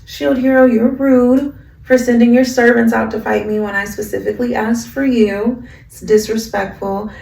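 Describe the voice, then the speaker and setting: A woman's voice: on the high side, fairly even intonation, normal speed, vocal fry, a little mellow, pitched above the performer's own voice. A woman mimicking a haughty young woman villain who scolds the hero primly. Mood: scolding. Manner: prim, scolding. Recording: roomy, from a distance.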